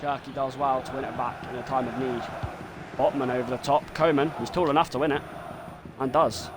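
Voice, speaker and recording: A man commentating his own football video game live, muttering play-by-play and swearing and yelling when things go wrong. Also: medium pitch, steady tone, fairly quick, noisy background.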